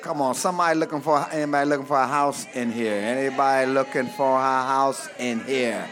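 A man pastor preaching a fervent sermon, reading scripture and calling for amens from the congregation, often shouting. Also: mid-range voice, fairly even intonation, a little fast, crowd noise, noisy background. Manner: reads scripture aloud, then explains it.

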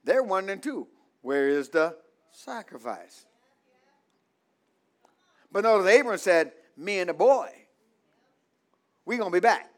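Male pastor, high-pitched, preaching call-and-response and having the congregation finish his lines. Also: sing-song, unhurried, long pauses. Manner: asks the congregation to fill in words, repeats lines.

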